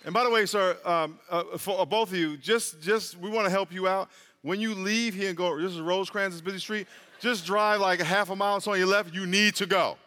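High, bright-voiced joking pastor. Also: male voice, steady tone, a little fast, long reverb tail. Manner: conversational, joking preaching with rising emphasis. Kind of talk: sermon. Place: large church hall.

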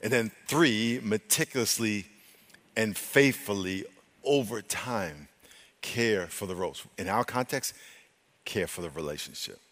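A man preaching a sermon as pastor, moving between loud emphatic stretches and quiet, hushed talk, often restarting his phrases. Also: lowish voice, measured pace. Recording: long hall reverb.

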